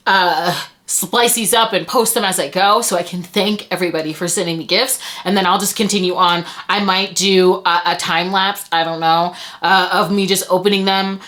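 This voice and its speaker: A woman's voice: medium pitch, a bit bright. A young woman book vlogger talking casually to camera, stammering with emotion and thanks. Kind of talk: casual vlog chat.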